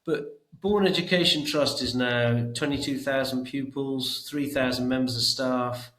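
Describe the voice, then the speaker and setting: Guesting on a podcast, an education trust's middle-aged chief executive talks with emphasis, frequently repeating words while gathering his thoughts. He has a medium, slightly bright voice and an unhurried pace, and the poor-quality audio echoes around the room.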